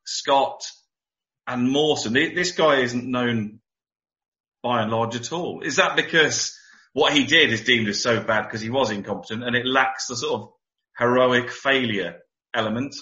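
A man with a bright, forceful voice asks curious follow-up questions in a casual podcast chat. His voice has a dull, lo-fi sound and an echoey room around it. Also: medium pitch, a little slow. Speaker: podcast co-host.

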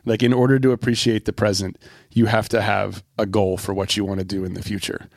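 A man's voice: fairly low pitch, flat delivery, a little fast, gravelly, a little mellow, no room sound, clean studio sound. A man co-hosting a podcast, talking candidly with his wife in a reflective, self-deprecating way. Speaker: podcast co-host.

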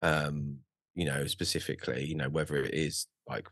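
A man's voice: a bass voice, little pitch movement, moderate pace, fairly bright tone, dry recording, studio quality. A man talking as a podcast guest in a casual chat, hesitant, with many restarts and frequent swearing.

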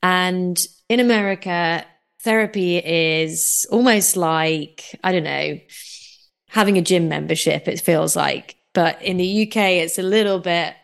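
A woman hosting a casual podcast interview, relaxed and hesitant, with many fillers. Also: on the low side, unhurried, vocal fry, clean tone. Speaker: podcast host.

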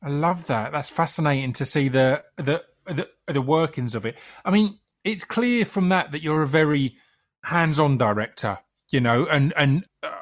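A man interviewing a guest, enthusiastic and halting, restarting his questions often. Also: on the high side. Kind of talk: interview conversation.

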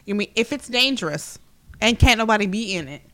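A woman's voice: mid-range voice, animated, brisk, bright, forceful tone. A woman co-hosting a casual chat among friends, telling a story in a blunt, profane way. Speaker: podcast co-host.

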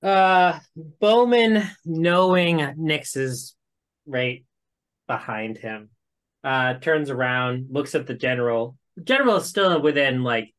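Bright-voiced tabletop player. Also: mid-range voice, slow pace. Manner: casual, thinks aloud while tallying dice. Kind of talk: playing a tabletop game.

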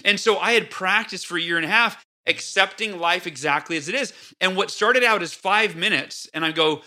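High, bright-voiced animated man. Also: moderate pace, few pauses. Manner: animated storyteller, acts out his own outbursts. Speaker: podcast guest. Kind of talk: casual interview talk.

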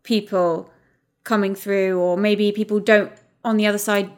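A woman co-hosting a casual chat, speaking in a halting, reflective way with many pauses. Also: medium pitch, flat delivery. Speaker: podcast co-host.

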